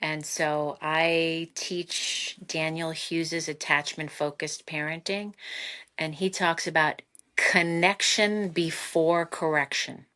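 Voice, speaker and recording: A middle-aged woman, a psychotherapist guest on a podcast, giving animated parenting advice with lively asides and laughter. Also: low-pitched, slow pace. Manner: animated, expressive, laughs often, acts out quotes.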